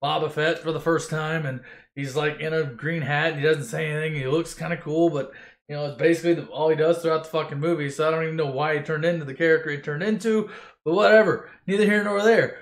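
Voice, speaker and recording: A man with a high voice retells a movie for laughs, rambling and swearing sarcastically. The recording is roomy and echoey. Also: steady tone, fast. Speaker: narrator. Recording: echoey room.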